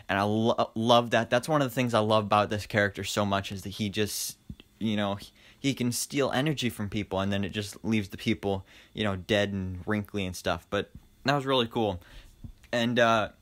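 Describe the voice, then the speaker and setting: A young man casually reviewing an animated film, enthusiastic and rambling, with lots of fillers and restarts. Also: fairly low pitch, moderate pace. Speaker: movie reviewer.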